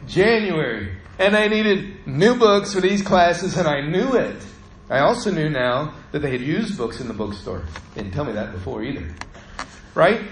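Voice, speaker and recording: A man's voice: on the high side, very animated, moderate pace, a bit bright, a little hiss or hum. Storytelling male preacher in a roomy hall. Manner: conversational storytelling, acts out quoted voices. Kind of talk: sermon with personal story.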